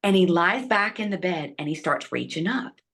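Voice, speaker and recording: Give me a middle-aged woman as an interview guest, animated storyteller with a bright, slightly low voice. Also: moderate pace, breathy edge. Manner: animated, acts out quotes, drops to hushed asides.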